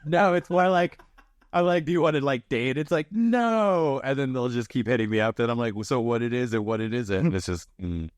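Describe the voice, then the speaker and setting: A man co-hosting a podcast in casual chat, laughing often and acting out quoted lines in higher voices. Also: lively intonation, a little fast, no echo, clean studio sound. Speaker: podcast co-host.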